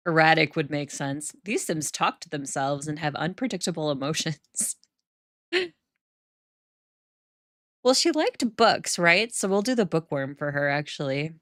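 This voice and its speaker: Deep and a bit bright, her voice has lively intonation, a measured pace and long pauses, with no echo. She's a Sims gameplay streamer from the northern US whose accent is close to Canadian, chatting casually with viewers and laughing frequently.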